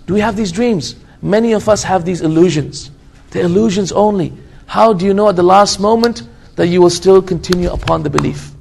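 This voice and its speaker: High-voiced man giving an emphatic sermon. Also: fairly quick, creaky, a little mellow. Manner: emphatic, repeats phrases, swears by God for stress; mixes Arabic religious terms into English. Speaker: Islamic lecturer. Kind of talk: religious lecture.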